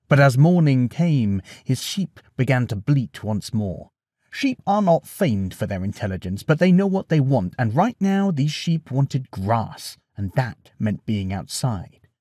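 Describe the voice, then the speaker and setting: A man narrating a bedtime story in an expressive, animated way. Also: medium pitch, no echo, clean studio sound.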